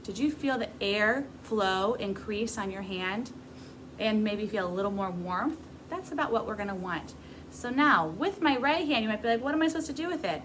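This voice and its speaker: A woman's voice: medium pitch, animated, normal speed, fairly bright tone, a little hiss or hum, poor audio. Woman teaching a beginner music lesson. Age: adult. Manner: patient, encouraging, demonstrating.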